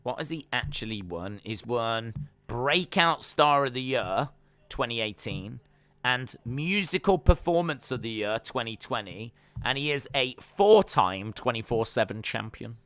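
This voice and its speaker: Lively man commentating a live stream. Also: mid-range voice, measured pace, no room sound. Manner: chatty, musing, reacts aloud. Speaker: stream host. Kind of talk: live wrestling watch-along commentary.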